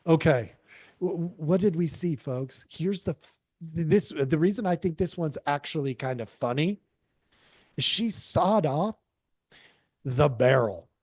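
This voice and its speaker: A man hosting his own podcast, talking through ideas in an emphatic, explanatory way and calling his listeners folks. His voice sits a bit high for a man, and the sound is dry and close with hardly any room echo. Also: expressive, measured pace, pauses often, darkish tone. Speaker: podcast host. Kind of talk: solo podcast commentary.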